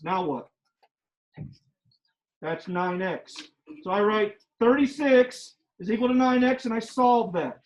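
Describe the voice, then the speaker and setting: A man's voice: high voice, poor audio. A male math teacher in a classroom who teaches emphatically, repeats key steps and teases his students with sarcasm.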